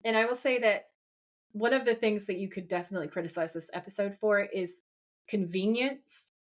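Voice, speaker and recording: A woman co-hosting a podcast, chatting casually as she retells scenes in a lively storytelling way. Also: medium pitch, brisk. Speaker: podcast co-host. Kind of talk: casual episode recap chat.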